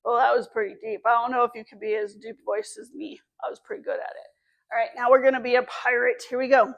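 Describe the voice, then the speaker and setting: A woman librarian leading a story time for young children, animated and sing-song, speaking slowly and clearly for little ones. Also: fairly high pitch, slight background noise.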